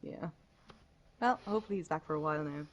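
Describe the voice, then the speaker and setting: A woman's voice: low-pitched, quick pace, lo-fi sound, a little hiss or hum. A woman, co-hosting a casual podcast chat, laughing often and swearing freely. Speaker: podcast co-host.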